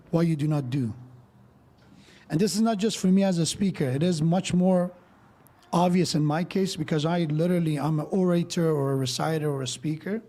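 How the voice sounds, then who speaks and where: Man preaching at a mosque, kinda high but mellow voice, walks thru verses and tells little stories. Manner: explains verses step by step, tells stories with quoted dialogue. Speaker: speaker at a mosque. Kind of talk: sermon.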